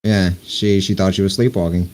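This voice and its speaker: A man narrating as game master of a tabletop game, halting with fillers. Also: low-pitched, fairly even intonation, darkish tone. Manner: halting, many fillers and restarts.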